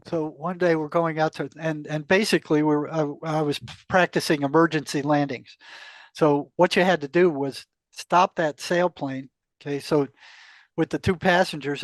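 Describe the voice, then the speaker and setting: High-voiced older man telling a story. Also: dry recording. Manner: animated storyteller, acts out quoted exchanges, laughs often. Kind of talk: casual storytelling interview.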